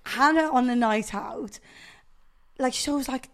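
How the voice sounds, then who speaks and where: A woman's voice: high-pitched, moderate pace. A woman hosting a casual podcast chat, encouraging her guest with short reactions and frequent laughter. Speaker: podcast host.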